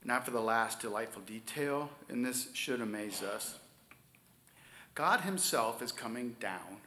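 A man preaching a sermon, stressing key words loudly and then dropping to near-whispers. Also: medium pitch, lively intonation, measured pace, roomy sound, a little hiss or hum. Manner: emphatic preaching, swings from loud stresses to soft near-whispers. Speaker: pastor.

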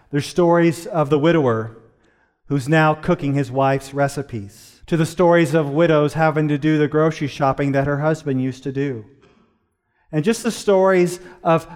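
A middle-aged man preaching a sermon as pastor, earnest, slowing his pace to stress key lines. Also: a little high, darkish tone, clear, resonant tone. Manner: earnest, varies pace, slows down for emphasis.

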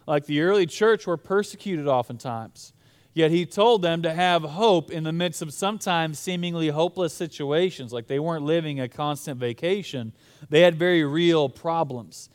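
Young male pastor with a smooth voice. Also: on the high side, normal speed. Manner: casual, storytelling, conversational with fillers. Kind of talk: sermon.

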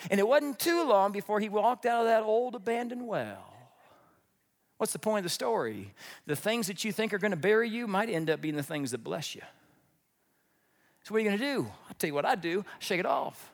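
A male preacher delivers a sermon as an animated storyteller. His voice sits high and leaps around in pitch, jumping from loud exclamations to hushed asides. A long reverb trails each phrase, as in a large hall. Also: brisk, vocal fry. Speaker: pastor.

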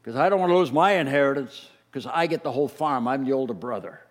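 A middle-aged man preaching a sermon as a pastor, telling the story in an animated way and acting out the voices he quotes. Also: mid-range voice, fast. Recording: long reverb of a large hall.

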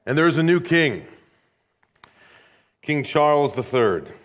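A man's voice: fairly high pitch, big pitch swings, slow, a bit bright. An American man from the Chicago area preaching a sermon, telling stories in a conversational, wry, humorous way. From Rockford, Illinois, USA. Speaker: pastor. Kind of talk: sermon with personal storytelling.

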